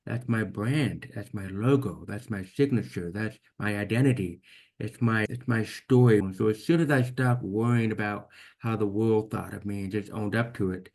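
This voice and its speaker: Here a man with a deaf accent, interviewed as a guest, narrates his own story in a lowish, darkish voice at normal speed. He sounds earnest and reflective, often repeating words as he restarts.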